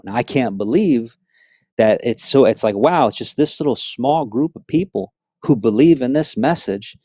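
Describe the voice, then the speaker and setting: A man from South Florida telling his personal faith testimony in an earnest, animated storytelling way, full of asides. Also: medium pitch, normal speed, no echo, studio quality. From South Florida, USA. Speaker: speaker giving a personal testimony.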